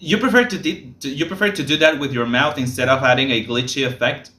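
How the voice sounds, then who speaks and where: A man hosting a reaction video, critiquing the vocals in casual commentary, blunt but quick to apologize. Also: mid-range voice, pushed and bright, echoey room.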